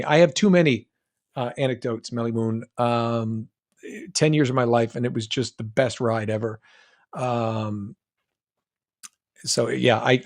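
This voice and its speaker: An American man with a General American accent answering fan questions on a live stream, chatty and joking, with quick asides and restarts. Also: medium pitch. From United States. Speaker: guest voice actor answering fan chat. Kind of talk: live stream Q&A, reading chat questions aloud.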